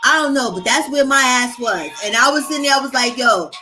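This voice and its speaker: Animated, profane woman telling a story. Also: high voice, brisk, soft background music, poor audio. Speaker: host. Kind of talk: casual storytelling chat.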